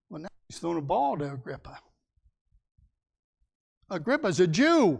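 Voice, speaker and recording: Gravelly man teaching a Bible class. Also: high voice, very animated, a little slow, long pauses. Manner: folksy, asks the class questions.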